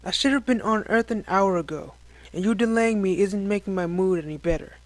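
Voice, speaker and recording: A man's voice: sits high, brisk, no echo. A man as a cocky young space hero. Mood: impatient. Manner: dry, impatient, sarcastic.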